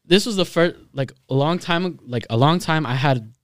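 A young man telling a profane, animated story in a casual chat, acting out his own lines. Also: a little high, normal speed, no room sound, studio quality.

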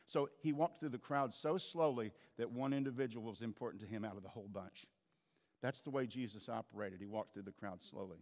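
A man's voice: mid-range voice, a little fast, darkish tone, long reverb tail. A man preaching a sermon as a pastor, telling stories in a conversational way with frequent restarts.

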